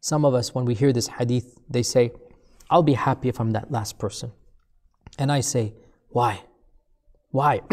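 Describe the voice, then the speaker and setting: A man preaching a sermon, telling a story with emphatic repeated phrases that build up and then fall to a low, hushed voice.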